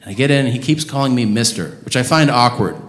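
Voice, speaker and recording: A man doing a stand-up comedy set on a club stage, profane and prone to loud ranting bursts. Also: medium pitch, fast. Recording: roomy club sound with noise.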